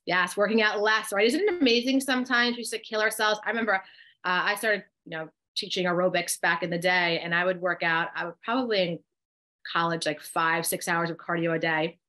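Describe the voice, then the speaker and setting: A woman's voice: fairly low pitch, steady tone, fairly quick, sharp tone. A middle-aged woman with a New Jersey accent leads a live online workshop over a video call. She speaks in an encouraging way, reacts to chat comments and talks listeners through breathing exercises one step at a time. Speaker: co-host and coach.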